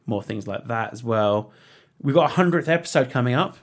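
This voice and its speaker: A man's voice: mid-range voice, lively intonation, fairly quick. A man co-hosting a casual podcast, chatty, repeating words and swearing now and then. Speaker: podcast co-host. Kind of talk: casual chat.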